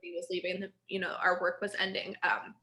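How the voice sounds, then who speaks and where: A woman in her thirties telling stories in a rambling, animated casual chat, laughing often. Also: on the low side, very fast. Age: 30s. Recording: echoey room.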